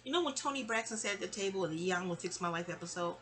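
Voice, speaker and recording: A middle-aged woman from New York telling a long personal story in a chatty, animated way, slipping into other people's voices. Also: fairly low pitch, rapid-fire. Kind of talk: casual storytime monologue.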